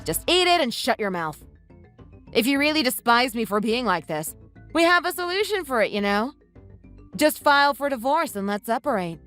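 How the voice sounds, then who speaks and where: A text-to-speech woman's voice voicing a scornful, sharp-tongued young wife who scolds her husband in a text-message story. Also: on the high side, big pitch swings, moderate pace, soft background music. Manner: mocking, scolding.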